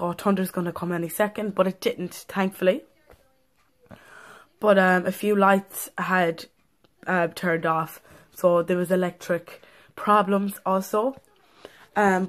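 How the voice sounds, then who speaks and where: A woman chatting in a casual vlog, telling a story in a rambling, breathless way with many fillers. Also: medium pitch. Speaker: vlogger.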